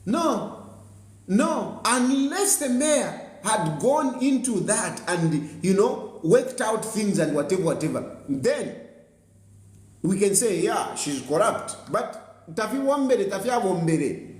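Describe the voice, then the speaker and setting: A man's voice: sits high, lively intonation, unhurried, darkish tone. A Zambian man hosting a political commentary show, scolding and combative, repeating phrases for emphasis and slipping into local words. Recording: roomy echo.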